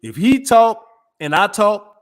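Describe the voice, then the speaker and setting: High-voiced argumentative podcast co-host. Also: male voice, animated, takes it slowly, crowd noise. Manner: argumentative, long winding points in slang. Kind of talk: casual chat.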